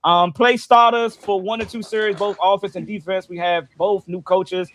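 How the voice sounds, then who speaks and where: Young male host, high voice, easygoing; gives shout-outs and answers comments on a live sports stream. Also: steady tone, moderate pace. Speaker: podcast host reading live chat. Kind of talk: casual sports talk stream.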